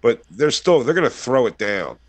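A man's voice: mid-range voice, big pitch swings, normal speed. A young adult man co-hosting a comedy podcast, rambling and telling crude jokes. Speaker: podcast co-host. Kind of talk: casual comedic banter.

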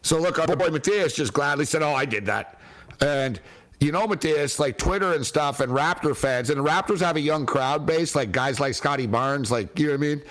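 A man's voice: fairly high pitch, a little fast, fairly bright tone. A man hosting a casual sports talk show, chatty and slangy, laughing often between points.

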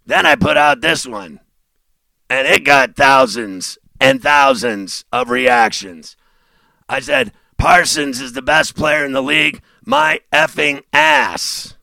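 A male sports radio host delivering a sarcastic monologue, mocking and laughing, dropping low and then bursting out loud. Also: sing-song, slow, gravelly, pauses often, dry recording.

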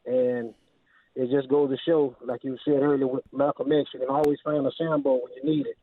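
Halting man on a phone line. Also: medium pitch, flat delivery, dry recording. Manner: hesitant, halting, polite. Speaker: caller. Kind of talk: phone-in comment. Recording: tinny dry phone line.

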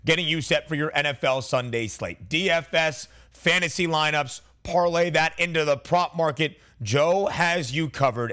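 A man hosting a sports betting radio show, brisk and teasing. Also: fairly high pitch, fairly bright tone.

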